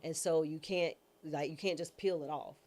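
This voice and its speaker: A woman's voice: deep voice, steady tone, moderate pace, a little mellow. A woman judge as an interview guest, telling a personal story in a candid, slangy, self-mocking and dramatic way. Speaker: interview guest, judge and former public defender.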